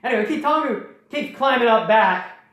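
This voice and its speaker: A woman's voice: on the high side, animated, moderate pace, a bit bright, highs cut off. A woman host casually retelling a story in a rambling, jokey way with many fillers and restarts. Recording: very echoey room.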